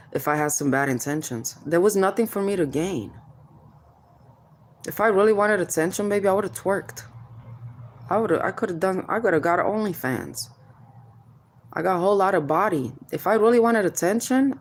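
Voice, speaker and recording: A deep-voiced mother, recorded with a little hiss or hum, calls out child services officials in a direct-to-camera vent. Confrontational, she prods with "hmm?", calls listeners "baby" and warns of spiritual consequences.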